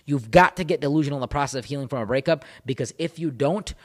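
A man's voice: mid-range voice, fast. A man talking as a breakup coach into a microphone, intense and emphatic, repeating phrases for punch. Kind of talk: motivational monologue. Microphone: studio microphone.

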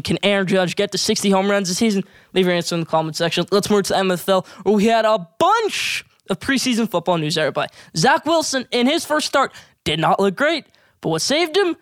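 Fast-talking, excitable young sports podcaster. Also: medium pitch, no echo, clean studio sound. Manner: excitable, hyping, opinionated. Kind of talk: casual sports opinion talk.

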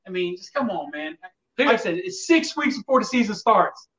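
A man's voice: high-pitched, sing-song, normal speed, fairly bright tone, distant mic, low-quality recording. A man co-hosting a casual sports talk show, rambling and exasperated about his team's fans. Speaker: podcast co-host.

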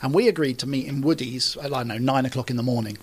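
A man's voice: mid-range voice, quick pace, slightly rough. A man in his thirties, a TV presenter chatting as an interview guest and telling anecdotes with plenty of fillers. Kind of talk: casual interview storytelling.

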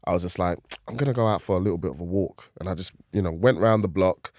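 Man, low-pitched, laughs a lot, casual storytelling, dry close sound. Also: quick pace, no room sound. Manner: laughs often, animated storytelling. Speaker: comedian guest. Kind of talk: casual podcast chat.

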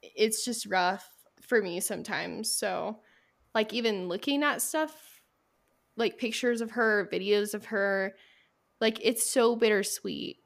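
A woman's voice: mid-range voice, slow, vocal fry. A young woman hosting a podcast, tearful and apologetic, rambling with lots of fillers in casual chat. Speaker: podcast host.

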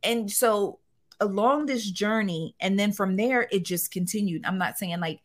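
Expressive woman telling her story candidly. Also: mid-range voice, unhurried. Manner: expressive, animated, with colloquial phrasing. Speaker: guest.

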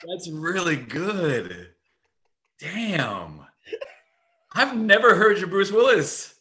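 A man chatting casually as a podcast guest, animated and swearing freely. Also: sits high, very slow, noisy background. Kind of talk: casual chat.

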